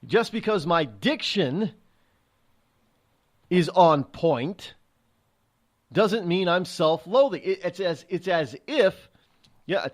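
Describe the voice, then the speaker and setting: This middle-aged radio host has a high voice and talks slowly, pausing often. Animated and sarcastic, he airs his opinions and performs the voices of people he's quoting.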